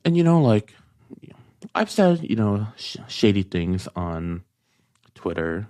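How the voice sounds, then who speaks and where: Low-voiced man, halting filler-heavy storytelling. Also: very animated, warm tone, no echo. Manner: hesitant, heavy use of "like" fillers. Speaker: podcast guest. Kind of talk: casual storytelling.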